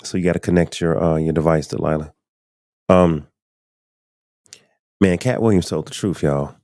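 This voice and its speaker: A man's voice: low voice, moderate pace, darkish tone, no echo, studio quality. A man hosting a live podcast stream, chatting loosely and speaking straight to his viewers. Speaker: podcast host. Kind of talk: casual live-stream commentary.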